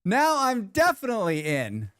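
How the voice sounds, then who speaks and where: Reading viewer comments on his livestream, a man with a high-pitched, sharp, clear and resonant voice swings hugely in pitch at a moderate pace. His casual chat is rambling and jokey with many restarts, captured as a dry, clean studio recording.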